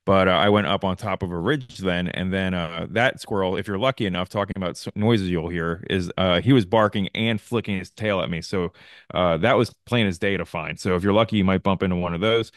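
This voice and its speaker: Deep-voiced Midwestern man telling a hunt story. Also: steady tone, fairly quick, no echo, clean studio sound. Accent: Midwestern American. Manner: storytelling, frequent "uh" fillers. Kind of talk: webinar discussion.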